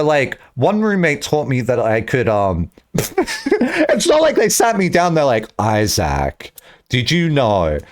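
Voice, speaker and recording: Lively man rambling on stream. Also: mid-range voice. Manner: rambling, joking, swearing, bursts of shouting. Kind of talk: casual live-stream chat.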